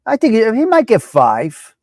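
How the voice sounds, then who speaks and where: A man hosting a casual live-stream chat, brash, profane and animated as he talks back at viewers by name. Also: very high voice, normal speed, no echo. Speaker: live show host.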